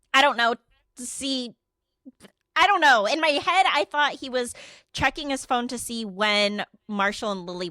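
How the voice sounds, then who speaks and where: Animated woman telling a story, dry sound. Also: mid-range voice, dry recording. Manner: animated, swearing, acting out quotes. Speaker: podcast co-host. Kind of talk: casual storytelling chat.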